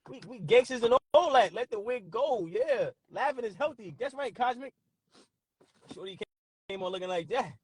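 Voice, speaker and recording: High-voiced laughing New man. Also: lively intonation, normal speed, husky, no room sound. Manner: laughing often, loud and profane, reacting to chat. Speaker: livestream host. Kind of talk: casual livestream chat.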